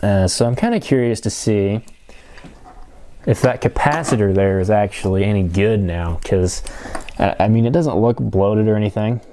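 A man casually narrating an electronics teardown, thinking aloud with frequent fillers and pauses. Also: fairly low pitch, dark tone, a little hiss or hum. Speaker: electronics hobbyist vlogger.

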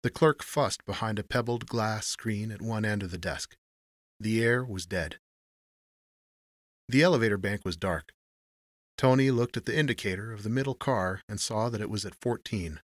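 Brief: man with a lowish voice, steady noir narration, dry close-miked sound. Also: normal speed, no room sound. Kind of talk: scripted narration of a noir story.

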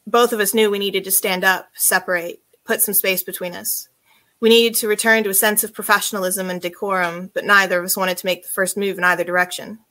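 Bright-voiced woman author. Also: mid-range voice, steady tone, fairly quick. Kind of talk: reading from her own novel, then casual chat.

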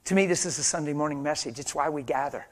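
A middle-aged man preaching a sermon in a church, moving between quiet, hushed storytelling and loud, fervent exhortation. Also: a little high, fast.

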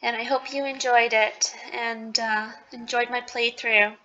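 A woman hosting her gaming channel, talking emotionally and softly as she plays through a story game. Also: fairly high pitch, steady tone, a little slow, highs cut off. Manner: emotional, gushing and soft-spoken. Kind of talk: let's-play commentary.

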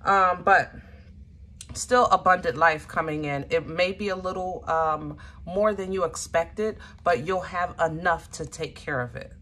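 A woman reads tarot cards for her viewers in a loose, chatty way. Her voice sits a little low but sounds bright and sharp. She leans hard on words and pauses to hunt for the right phrasing. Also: a little hiss or hum. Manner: chatty, emphatic, searches for words aloud. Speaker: tarot reader. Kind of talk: casual tarot reading to viewers.

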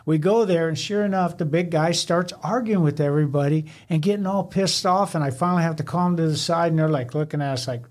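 Animated storytelling male fire captain. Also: on the high side, brisk. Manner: animated storyteller who acts out quoted dialogue. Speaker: podcast co-host, former fire captain. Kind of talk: casual chat, storytelling.

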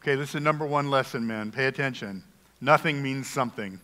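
A man's voice: mid-range voice, quick pace, bright, forceful tone. A middle-aged male pastor preaching a sermon in a folksy, humorous, conversational way. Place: church sanctuary. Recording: long reverb of a church hall.

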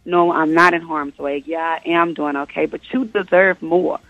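A woman's voice: sits low, steady tone, normal speed, no echo. Impassioned young woman, dull radio sound. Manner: impassioned, uses rhetorical questions. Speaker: guest author. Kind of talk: radio interview.

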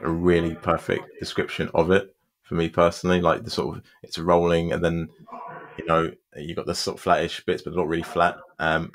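A man recalling a race casually on a podcast, relaxed and a bit sweary. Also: low-pitched. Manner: relaxed, swears casually, asks "do you know". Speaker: marathon runner on the show.

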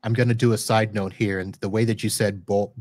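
A fairly low-pitched, darkish male voice comes through with no echo, delivered flatly and a little fast. He's a podcast host doing a live, casual interview from his Florida home studio, joking with his guest and correcting himself along the way.

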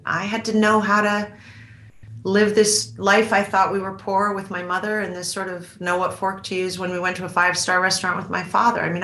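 Bright low-pitched woman, reflective. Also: echoey room. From United States. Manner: reflective, with frequent restarts and fillers. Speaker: author and actress, interview guest. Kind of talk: conversational interview.

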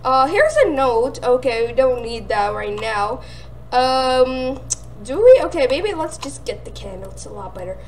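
A young woman giving excitable gameplay commentary, often squealing and laughing as she plays. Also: sits high, unhurried, a little hiss or hum. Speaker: gaming channel host.

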